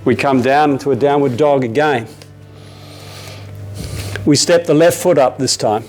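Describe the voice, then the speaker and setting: A man with an Australian accent teaching a yoga class, giving calm step-by-step cues with casual asides. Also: medium pitch, unhurried, soft background music. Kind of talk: guided yoga class instruction. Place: yoga studio.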